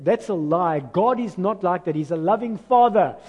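A man with a South African accent preaching a lively, emphatic sermon to his church. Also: high voice, normal speed, few pauses. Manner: animated, rising to emphatic bursts. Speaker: pastor. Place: church hall. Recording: long church hall reverb.

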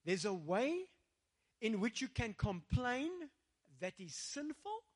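Very animated yet slow-paced, a high-pitched male pastor preaches rousingly in South African English. He calls out to his congregation and now and then shifts into Afrikaans.

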